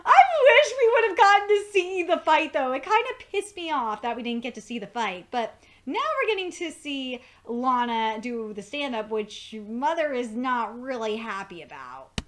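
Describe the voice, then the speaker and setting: Casual reviewer, woman, high voice, loose, profane rambling recap. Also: sing-song, normal speed. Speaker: TV episode reviewer.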